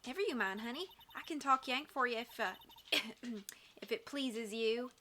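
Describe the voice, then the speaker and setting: A brash, folksy Southern woman with a thick, slow drawl, as a woman puts her on for a video game. Her voice sits high and bright, and she talks feisty and loud. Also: slight background noise. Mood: friendly. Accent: put-on Southern US drawl. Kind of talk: video game voice-over reading.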